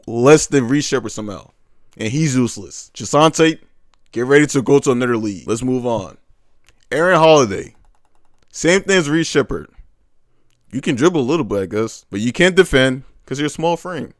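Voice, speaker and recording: A man's voice: medium pitch, no room sound, clean studio sound. A young man giving casual, blunt ranting commentary as a sports fan, exasperated and repetitive.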